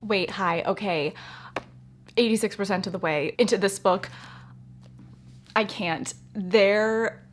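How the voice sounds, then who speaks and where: A woman's voice: medium pitch, takes it slowly, pauses often, faint music behind. Gushing young woman book vlogger. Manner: gushing, emphatic, talks in bursts. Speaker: reading vlogger. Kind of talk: casual reading vlog.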